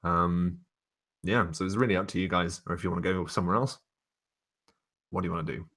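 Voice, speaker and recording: Deep-voiced male game master. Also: a little fast. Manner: relaxed, wordy narration with fillers. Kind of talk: narrating a tabletop game.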